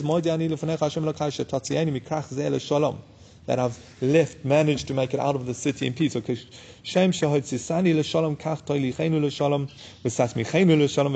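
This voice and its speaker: A man giving a daf yomi Talmud class, reading the Aramaic text and explaining it in English in a casual, unhurried way. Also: a little high, gravelly, warm tone, husky. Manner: casual and unhurried, with many fillers. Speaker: Talmud teacher.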